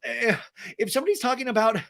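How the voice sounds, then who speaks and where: A man's voice: very high-pitched, fast, creaky, a bit bright, pitched above the performer's own voice, heavily acted. A man voicing a flustered, panicky middle-aged woman who talks frantically and repeats herself.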